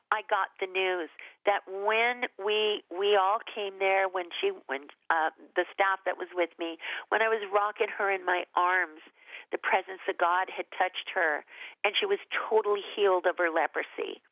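A woman guest telling a personal faith testimony in an earnest, emotional way, with halting restarts, heard over a phone call. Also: mid-range voice, steady tone, dry recording. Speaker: ministry leader and guest. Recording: tinny phone line.

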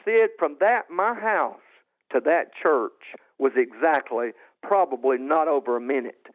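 A man with a slightly high voice recounts his testimony, stumbling and repeating words as he builds to bursts of high, loud excitement. The sound is thin and tinny, like a phone line. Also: measured pace. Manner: rises high and loud when reliving moments, repeats and restarts. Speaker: guest telling his testimony.

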